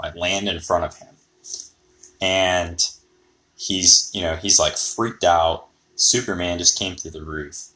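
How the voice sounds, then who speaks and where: A man's voice: sits low, sharp tone. A man hosting a podcast, rambling and thinking aloud in a casual monologue. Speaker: podcast host.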